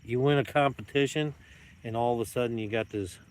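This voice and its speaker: A man's voice: mid-range voice, fairly quick. A man talking casually on his video channel, a playful, rambling showman joking to the camera outdoors. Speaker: YouTube vlogger. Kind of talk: casual joking vlog talk. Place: outdoors at dusk with dogs around.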